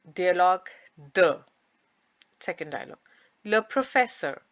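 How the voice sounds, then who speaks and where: A woman teacher giving a recorded French lesson, speaking slowly and deliberately and repeating each phrase with its translation. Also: on the low side, very animated, pushed and bright, no room sound. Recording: dull lo-fi, dry.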